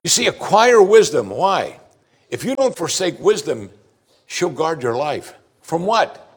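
A man preaching a sermon from the pulpit. He swings between loud, stressed declarations and quiet, confiding asides. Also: a little high, sing-song, a little slow, breathy edge. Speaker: pastor.

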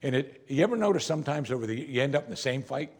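Gravelly, husky male preacher. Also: medium pitch, expressive, fast talker. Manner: earnest preaching, rising and dropping for emphasis. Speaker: pastor. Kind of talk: sermon.

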